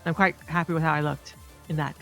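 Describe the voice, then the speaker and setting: A woman giving excitable, profane commentary over footage of her own fighting game matches and talking straight to viewers. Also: sits low, fast, gravelly. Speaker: competitive fighting game player. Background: faint background music.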